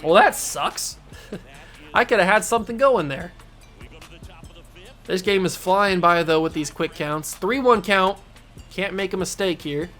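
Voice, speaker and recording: A man hosting a gaming channel, giving excitable play-by-play commentary on his own baseball video game, talking to himself and to the game as he plays. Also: sits high, measured pace, long pauses, soft background music.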